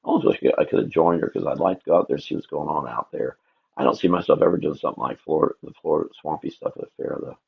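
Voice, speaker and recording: Racing along in a rumbling low voice that's creaky with a breathy edge, a man chats casually with himself and his viewers as he draws on a live stream. The stream audio sounds dull and lo-fi.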